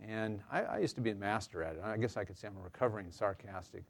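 A man's voice: on the low side, fast, vocal fry. A man counselor giving an informal workshop talk to a live audience, conversational with fillers and light humor. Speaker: counselor leading a staff workshop.

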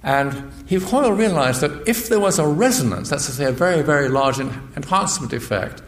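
An older man, a physicist and priest, giving a measured public lecture that explains things step by step. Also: a little high, animated. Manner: measured, explanatory, with frequent restarts. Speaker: guest speaker, physicist and priest. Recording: echoey lecture hall.

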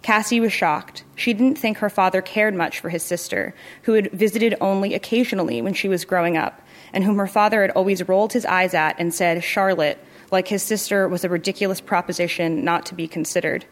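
A woman narrating a literary short story in a measured, even storytelling manner. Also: medium pitch. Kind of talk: literary fiction reading.

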